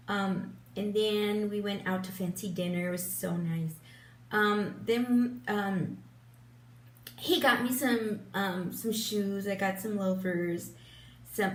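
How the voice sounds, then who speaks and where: An older woman chatting casually while doing her makeup, rambling, with lots of fillers, restarts and laughs. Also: medium pitch. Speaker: beauty vlogger. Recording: roomy, distant mic, faint hum.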